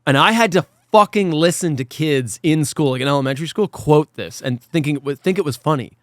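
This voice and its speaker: A man hosting a casual podcast chat who talks in an animated, ranting, profane way. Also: a little high, brisk, dry recording, studio quality. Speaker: podcast host.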